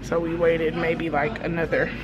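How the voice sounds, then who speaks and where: Chatty low-voiced Texan woman vlogging. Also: normal speed, dull audio, heavy background noise. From Texas. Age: 30s. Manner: chatty, storytelling, animated asides to viewers. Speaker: flight attendant vlogger. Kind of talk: casual vlog chat. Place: hotel hallway and room. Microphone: handheld compact camera.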